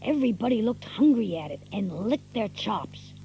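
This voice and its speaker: A woman's voice: mid-range voice, big pitch swings, normal speed, warm tone, a little hiss or hum, low-quality recording. A woman voicing a scrappy teenage country boy with a rural Southern US dialect, narrating and acting in a radio play. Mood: wry. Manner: folksy, drawling storyteller.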